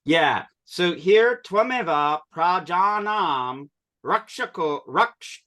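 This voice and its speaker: A man with a bright, forceful, slightly high voice runs a language class. He walks students through their readings and patiently corrects how they say the words, with quick asides along the way. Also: animated. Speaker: Sanskrit teacher. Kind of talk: online class instruction.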